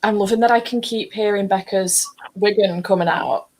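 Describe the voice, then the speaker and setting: A woman's voice: mid-range voice, steady tone, normal speed, a little mellow. A young woman chatting cheerfully on a reading stream, swearing casually. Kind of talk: casual chat.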